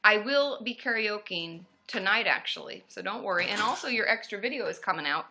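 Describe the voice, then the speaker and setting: A woman therapist hosting a casual live stream from a room at home, greeting viewers by name and breaking into loud cheers. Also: medium pitch, expressive, fairly quick, slight background noise.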